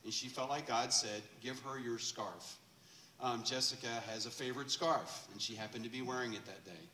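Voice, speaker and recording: A man preaching a sermon in a church and telling a story in a loose, chatty way, with fillers and quick laughs. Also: mid-range voice, bright, forceful tone, slight background noise. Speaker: pastor. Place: church sanctuary. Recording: echoey church room, distant mic.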